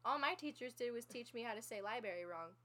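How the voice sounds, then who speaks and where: A young woman from Texas co-hosting a podcast, teasing her friend with quick sarcastic quips. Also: on the high side, animated, pushed and bright. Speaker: podcast co-host. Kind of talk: casual chat.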